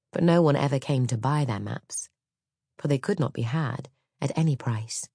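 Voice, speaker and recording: Very low-voiced woman narrating a dark tale. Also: slightly rough, no room sound, studio quality. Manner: measured, dramatic storytelling. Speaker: audiobook narrator. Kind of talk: scripted storybook narration.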